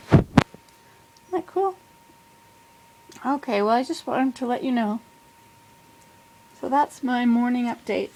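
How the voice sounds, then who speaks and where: An older woman with a high-pitched, slightly mellow voice posts a casual vlog update from her home in the southern US. She rambles in a friendly way and often fixes what she's just said, and the rough recording from her plug-in computer microphone has a little hiss or hum.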